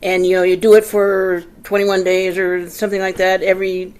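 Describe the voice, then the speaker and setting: Older audience member, mid-pitched, rambling casual testimony. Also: completely flat delivery, normal speed, smooth, rough recording. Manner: rambling, trailing off with fillers. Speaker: audience member sharing a story.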